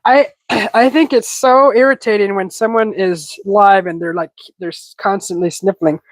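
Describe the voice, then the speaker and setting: Still battling a stuffy head cold, the cooking livestream host sniffles and chats away, reading viewers' comments aloud while she cooks. She speaks at a moderate pace in a mid-range voice with fairly even intonation, and the recording is dry and rough.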